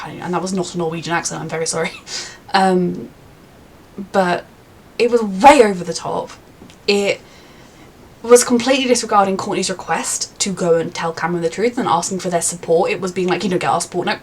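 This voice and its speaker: A young woman chats through her review of a TV episode, rambling and circling back with plenty of fillers. Her voice has a husky edge at a middle pitch. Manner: chatty and rambling, frequent fillers. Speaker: TV reaction reviewer. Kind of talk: casual reaction review.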